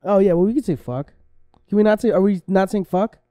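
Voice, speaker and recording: A high-pitched man co-hosts a casual comedy podcast with a mellow, smooth tone. He giggles a lot, stumbles over his words and keeps firing off questions, recorded dry and close. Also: fairly quick, no room sound. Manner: giggly, stammering, asks lots of questions. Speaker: podcast co-host.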